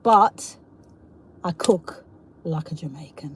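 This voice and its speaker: Speaking slowly in a low voice with lively intonation, this livestream host chats and rambles over background noise. She's a middle-aged woman from England with a South East London accent, laughing often and reading out comments from viewers.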